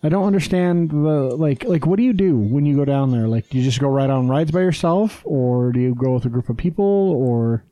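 A man's voice: medium pitch, brisk, hardly any pauses, mellow, dry recording, muffled recording. A man hosting a casual podcast, rambling and swearing freely, with lots of fillers. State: hyped on energy drinks. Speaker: podcast host. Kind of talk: casual chat.

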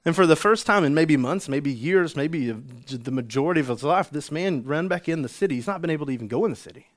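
A man preaching a sermon, an animated storyteller who acts out the scenes he describes. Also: on the high side, quick pace. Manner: animated storytelling, acts out the healed man's joy. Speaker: pastor.

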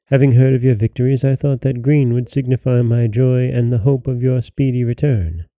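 A man's voice: mid-range voice, steady tone, moderate pace, mellow, no room sound, natural voice. A man voicing the king's eldest daughter, a young princess who speaks eagerly and courtly.

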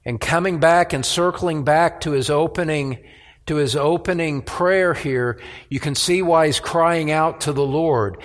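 A pastor preaching a sermon in an earnest, measured way, his voice rising when he voices the psalmist. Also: fairly high pitch, long reverb tail. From United States.

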